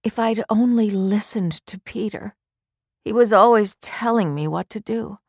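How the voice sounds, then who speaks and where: A woman's voice: medium pitch, a little slow, a little mellow, breathy edge, no echo, studio quality, voice pushed up. A woman reading a story aloud, voicing a grieving young mother who is distraught and bitter, in a tearful, strained, raised voice.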